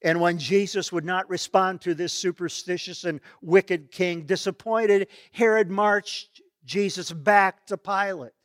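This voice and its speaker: A male preacher retells a story in a vivid, solemn way. He speaks slowly in a slightly high, smooth voice, recorded close and dry. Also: steady tone, a bit bright, dry recording. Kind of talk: dramatic sermon storytelling.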